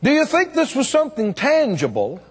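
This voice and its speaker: A man's voice: extremely high pitch, wildly swooping pitch, moderate pace, slightly rough, big-room sound. A man preaching a revival sermon, emphatic and calling on the congregation to answer back. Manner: emphatic, call-and-response with the congregation. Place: church or meeting hall.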